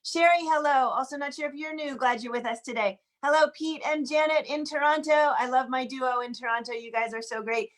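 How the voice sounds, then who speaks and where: A woman's voice: high-pitched, steady tone, fairly quick, few pauses, fairly bright tone. A woman hosting an online sing-along over a video call in a chatty, welcoming way, greeting each viewer by name. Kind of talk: casual welcoming chat. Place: home, in Washington DC.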